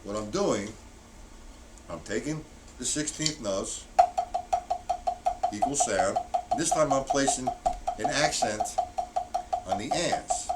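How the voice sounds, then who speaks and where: Male drum teacher, counts beats aloud and stresses the accents, mid-pitched, picked up from across the room with heavy background noise. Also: slow pace, long pauses. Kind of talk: live-streamed drum lesson. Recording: distant mic, loud background noise.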